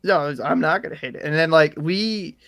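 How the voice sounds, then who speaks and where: A man co-hosting a casual podcast, telling a story in a rambling, animated way with lots of fillers and swearing. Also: a little high, moderate pace, gravelly, no room sound, studio quality. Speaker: podcast co-host.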